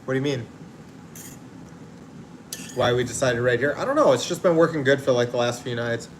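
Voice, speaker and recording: A man's voice: medium pitch, a little fast. An easygoing man chats on a casual livestream, rambling from one thought to the next and laughing easily. He sits outdoors, and a faint hiss of noise sits under his voice. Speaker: livestream host. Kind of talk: casual livestream chat, reading viewer comments.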